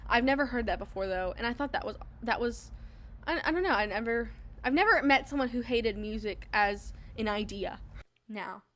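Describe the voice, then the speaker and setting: A woman's voice: a little high, moderate pace. A young woman hosting a podcast, telling a story in casual chat, acting out what other people said. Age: young adult. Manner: animated, acts out other people's lines in quotes. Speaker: podcast host. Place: public place.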